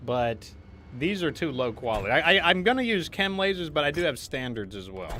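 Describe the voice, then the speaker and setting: A man's voice: a little high, very animated, brisk, pushed and bright, slight background noise. A man hosting a live game stream, chatting casually in a rambling way, reading out viewer messages. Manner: rambling, many fillers and restarts, reads chat aloud. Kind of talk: casual live-stream chat while gaming.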